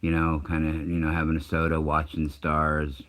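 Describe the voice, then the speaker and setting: A man's voice: extremely low pitch, completely flat delivery, moderate pace, fairly bright tone. A middle-aged man telling a rambling, profane personal story in a casual way, often breaking off mid-sentence. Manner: rambling, profane, self-interrupting. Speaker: channel host.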